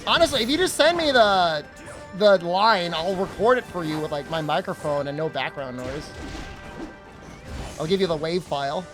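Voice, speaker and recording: A man's voice: a little high, expressive, normal speed, music in the background. A young adult man streaming a video game, chatting casually and joking back at his chat. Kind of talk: casual chat while gaming.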